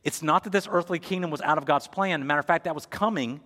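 A man preaching a storytelling sermon, moving from loud to hushed, in a church. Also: on the high side, fast talker. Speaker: pastor. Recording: echoey hall.

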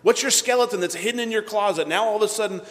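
A male pastor preaching a sermon, animated, swinging between loud bursts and hushed asides. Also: high voice, rapid-fire, big-room sound.

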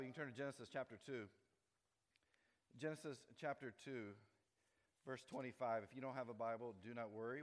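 A man giving a sermon as pastor, conversational and animated, often repeating words as he tells stories. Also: medium pitch. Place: church auditorium. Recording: long reverb of a large hall.

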